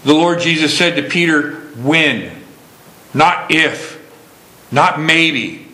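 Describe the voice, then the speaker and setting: A man preaching a sermon slowly and emphatically, stressing key words. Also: fairly high pitch, pushed and bright, reverberant, poor audio.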